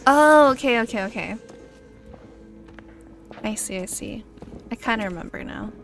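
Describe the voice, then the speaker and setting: A woman's voice: fairly high pitch, expressive, a little slow, creaky, faint music behind. A woman streamer chatting casually while playing a co-op horror game, giggling and shrieking with fright. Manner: giggly, shrieks and swears when scared. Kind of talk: casual co-op gaming chat.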